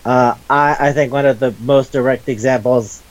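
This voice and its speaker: A man's voice: medium pitch, steady tone, moderate pace, dull audio. A man co-hosting a casual chat show about manga, enthusiastic and profane, rambling with restarts. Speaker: podcast co-host.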